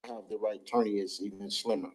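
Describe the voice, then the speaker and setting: A man reading his prepared statement in court, halting, with restarts. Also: fairly low pitch, level tone, rough recording.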